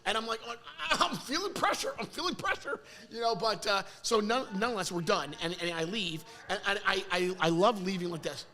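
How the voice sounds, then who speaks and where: A man's voice: high voice, quick pace, few pauses. A man hosting a podcast, telling a story in a casual chat with lots of acted-out voices and laughter. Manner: animated storyteller, acts out voices, laughs often. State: sore mouth after dental work. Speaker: podcast host.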